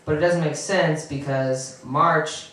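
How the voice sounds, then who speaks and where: Young male comic, nervous and halting stand-up, recorded from a distance in a very echoey room. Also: fairly high pitch, steady tone, fairly bright tone. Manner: halting, awkward delivery with frequent restarts and chuckles. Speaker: stand-up comedian. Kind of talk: stand-up comedy set.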